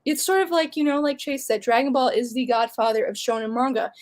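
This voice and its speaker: A woman's voice: sits high, fairly quick, darkish tone. A young woman on a casual podcast chat, ranting passionately and apologizing for it. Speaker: guest.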